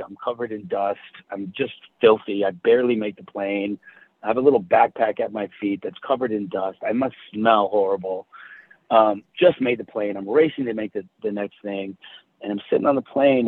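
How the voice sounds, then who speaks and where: A man telling a personal story in casual chat, halting and restarting often. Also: on the low side, no room sound. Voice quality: husky, halting with many restarts. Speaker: guest. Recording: tinny phone-like sound.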